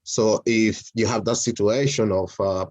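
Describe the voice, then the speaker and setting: A man's voice: on the low side, steady tone, normal speed, a little mellow, no echo. A man with a Spanish accent in a casual group video call, talking hesitantly with many fillers and restarts. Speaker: mentoring session participant.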